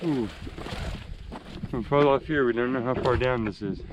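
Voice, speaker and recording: A man's voice: mid-range voice, normal speed. A man narrating as he hikes up a rocky trail, out of breath and wondering aloud at what he finds. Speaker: hiking vlogger. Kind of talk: casual narration while hiking. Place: outdoors on a rocky hillside. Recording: outdoor camera audio with background noise.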